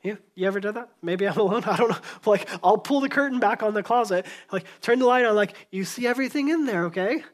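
In a church, a male pastor delivers a sermon quickly and with hardly any pauses, his voice sitting high. He relates the story in a conversational way, performing different voices and sometimes dropping to a hush.

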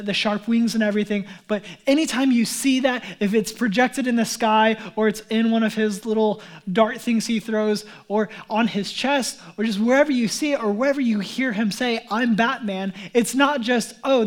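A male pastor preaching a casual, conversational sermon. He talks in an easygoing, chatty way, with plenty of fillers and restarts, and warmly calls the congregation beloved. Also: sits high.

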